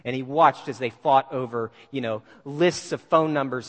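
A man telling a story to an audience in an animated way, with many fillers and restarts. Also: medium pitch, moderate pace, hardly any pauses. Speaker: speaker. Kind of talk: storytelling talk. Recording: long hall reverb.

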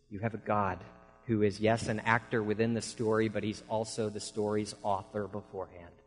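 A man's voice: lowish voice, flat delivery, moderate pace, in a large hall, slight background noise, poor audio. A man preaching a sermon, telling folksy stories in an earnest way.

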